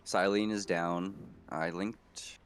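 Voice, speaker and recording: A man's voice: low-pitched, slight background noise. A man streaming and chatting casually with friends, laid-back, laughing easily. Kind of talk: casual gaming voice chat.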